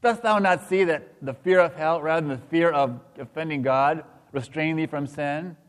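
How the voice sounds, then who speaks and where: A man's voice: fairly high pitch, moderate pace, natural voice. A man reading the lines of a stern angel of judgment who scolds in solemn, archaic speech. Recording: long hall reverb.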